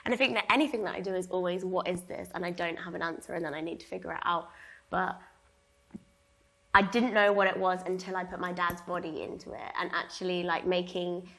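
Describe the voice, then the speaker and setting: A young woman talking about her art before a gallery audience. She is relaxed and chatty, full of "like" fillers and easy laughter. Her voice sits slightly low and sounds bright and forceful. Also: fairly quick. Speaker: artist discussing her exhibition. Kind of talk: public gallery conversation.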